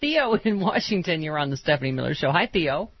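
A woman hosting a talk radio show, teasing her guest and bantering quickly. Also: sits low, sing-song, breathy edge, highs cut off.

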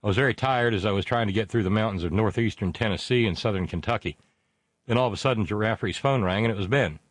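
A man's voice: on the low side, fast talker, no room sound. A man hosting a casual political talk show, reading out listener messages in a rambling, sardonic way with many fillers.

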